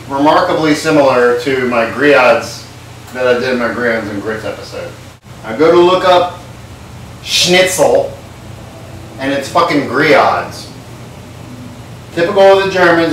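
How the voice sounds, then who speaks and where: A man's voice: medium pitch, unhurried, pauses often, a bit bright. A man rambles and curses his way through a comic home cooking show, tipsy and loose. He sounds set back from the mic, with a strong echo off the hard kitchen walls and a faint hiss underneath. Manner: rambling, profane, tipsy banter while cooking. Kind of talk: comedic cooking vlog. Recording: very echoey kitchen, far from mic.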